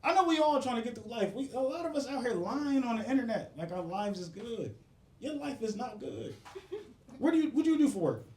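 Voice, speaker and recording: Young guy doing crowd work at a comedy club, cussing and cracking himself up, high voice, echoey room. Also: lively intonation, brisk, darkish tone. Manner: profane, riffing, laughing at his own jokes. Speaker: stand-up comedian. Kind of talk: stand-up set with crowd work. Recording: roomy club sound.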